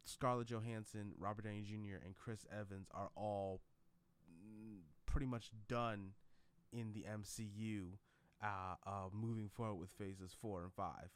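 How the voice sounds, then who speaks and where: A man's voice: on the low side, steady tone, unhurried, clean tone. A man vlogging in a casual, rambling way, with lots of fillers and restarts. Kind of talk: casual commentary vlog.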